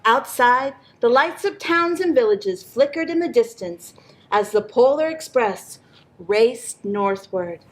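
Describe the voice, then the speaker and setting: A woman reading a picture book aloud in an expressive storytelling manner for a library program. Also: fairly high pitch, slow pace, a little hiss or hum.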